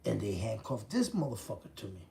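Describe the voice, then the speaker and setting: Gravelly, blunt-talking man in his fifties. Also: on the low side, very animated, brisk, dark tone, slight background noise. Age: 50s. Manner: profane, blunt, street-talk storytelling. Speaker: former prisoner telling his story. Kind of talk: casual storytelling.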